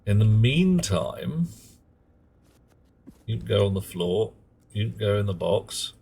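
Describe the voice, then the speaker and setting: Male game streamer, lowish voice, casual live chat that mutters at the game, faint noise behind. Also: sing-song, slow pace, gravelly, pauses often, mellow. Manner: mutters at game objects and chats to viewers.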